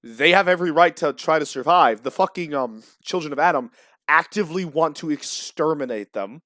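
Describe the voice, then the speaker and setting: A man's voice: on the high side, lively intonation, a little fast, pushed and bright, no room sound, clean studio sound. A man from Florida hosting a casual gaming podcast chat, talking bluntly and swearing freely. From USA, Florida. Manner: blunt, profane, opinionated. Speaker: podcast host.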